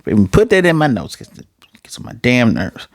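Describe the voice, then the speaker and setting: A man's voice: mid-range voice, huge pitch swings, a little fast, creaky, dry recording, studio quality. A man casually recapping and reviewing an anime episode, rambling, correcting himself as he goes, blunt and sometimes profane.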